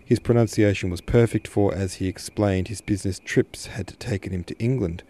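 A man reading a classic novel aloud as a podcast host, steady and unhurried. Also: lowish voice. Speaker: podcast host, literature reader. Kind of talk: audiobook narration.

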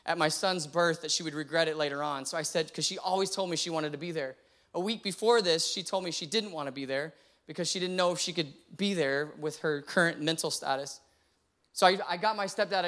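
A man's voice: high-pitched, sharp tone. A young adult man, a pastor, telling a personal story from the pulpit in an earnest, heartfelt way. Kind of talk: personal testimony sermon.

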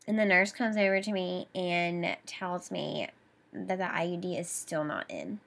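A woman's voice: mid-range voice, measured pace, creaky, a bit bright. A young adult woman hosting a podcast, retelling a painful personal story with emotion and quoted dialogue. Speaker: podcast host.

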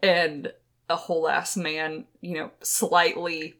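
Slow and low, with a touch of brightness and not much rise or fall in pitch, this young woman co-hosts a podcast. She's close to the mic, chatting loosely through ghost stories with lots of fillers in a relaxed storytelling style.

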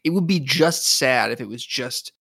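A man's voice: medium pitch, lively intonation, normal speed, vocal fry, bright, forceful tone. A man with a mid-range voice weighs his words carefully, stopping and restarting as he works out what he means. He is recorded close, with a dry sound and no room echo. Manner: thoughtful, hesitant, restarts while searching for words. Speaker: podcast co-host. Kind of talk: casual discussion.

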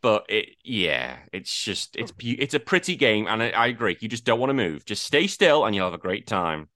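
Lively, bright-voiced man ranting. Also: lowish voice, moderate pace, no room sound, clean studio sound. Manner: swears freely, ranty and animated. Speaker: podcast host. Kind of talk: casual gaming chat.

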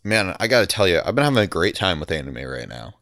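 Very deep-voiced relaxed man. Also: fast, vocal fry, dry recording, clean studio sound, soft background music. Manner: relaxed, hesitant with ums and uhs. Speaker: podcast co-host. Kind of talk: casual chat.

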